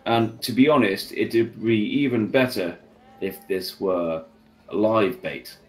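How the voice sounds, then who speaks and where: Low-ish guy at a tabletop game, kinda formal and lecturing. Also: lively intonation, slow, soft background music. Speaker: tabletop player voicing a gnome. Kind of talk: in-character tabletop banter.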